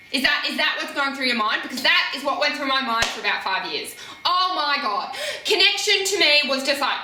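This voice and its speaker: Lively, bright-voiced woman coach. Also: sits high, brisk, a little hiss or hum. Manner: animated, laughing, acts out riders' thoughts. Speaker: riding coach. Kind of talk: casual coaching talk. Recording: echoey, from a distance from the mic.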